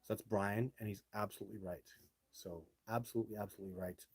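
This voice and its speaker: Male live-stream host, low husky voice, blunt and brash, casual delivery. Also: fairly even intonation, quick pace, no echo. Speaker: live show host reading viewer comments. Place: home setup, speaking to a phone.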